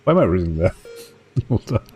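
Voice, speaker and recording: A man's voice: low-pitched, very animated, fairly quick, muffled recording, faint music behind. A young man streaming a game, reading its story text aloud with laughing, joking asides. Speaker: gaming streamer.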